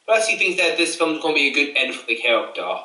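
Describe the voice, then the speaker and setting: A man joins a casual movie chat, animated and full of jokes. His voice is mid-pitched but bright and forceful, and it moves a lot in pitch. He sounds far from the mic in a roomy space. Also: fast talker. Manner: animated, jokey. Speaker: co-host.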